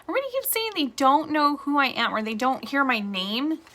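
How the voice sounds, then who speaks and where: A woman's voice: high voice, big pitch swings, brisk, sharp tone. A woman real estate agent talking casually to camera, chatty and rambling, with frequent asides.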